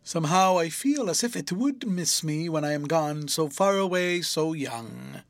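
A man's voice: lively intonation, measured pace, dry recording. Guy putting on a girly pouty schoolgirl voice, sing-songy, swoops way up, dry close sound. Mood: girlish, playful. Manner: lilting, girlish, with sudden high bursts. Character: sweet childish young schoolgirl, pouting and playful.

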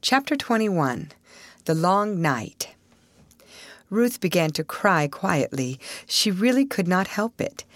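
Expressive woman audiobook narrator, dry close mic. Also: fairly low pitch, slow, no echo. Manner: expressive, varied reading. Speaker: audiobook reader. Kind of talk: scripted narration.

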